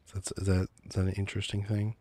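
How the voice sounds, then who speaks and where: A man streaming a game as a VTuber, talking in a soft, teasing, mock-menacing calm tone in a whispered role-play, close to the mic. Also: fairly low pitch, quick pace.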